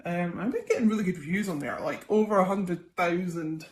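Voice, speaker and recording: A woman's voice: fairly low pitch, moderate pace, a little mellow. A young woman, a tarot reader, chatting casually through a psychic reading with lots of ums and okays. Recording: echoey room, faint noise.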